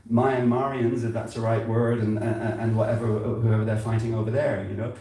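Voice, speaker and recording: An older man from England giving an informal sermon at a temple, talking conversationally and halting often, repeating words and using fillers. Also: medium pitch, little pitch movement, warm tone. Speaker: spiritual speaker at a temple gathering. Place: temple hall. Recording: very echoey hall, heard from a distance.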